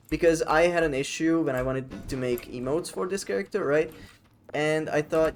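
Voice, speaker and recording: A man's voice: on the high side, normal speed, slight background noise. Rambling, casual male game streamer. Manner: rambling, swears freely, answers chat. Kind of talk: casual live-stream chat while gaming.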